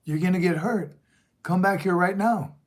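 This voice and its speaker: A man voicing a mother who yells at her son to come back. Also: high voice, moderate pace, pitched above the performer's own voice. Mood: scolding. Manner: scolding.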